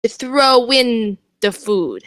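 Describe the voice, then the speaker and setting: A woman's voice: fairly high pitch, lively intonation, very slow, a bit bright, no echo, full character voice. A woman voicing a streetwise pirate crewman who haggles in a wheedling, scheming way.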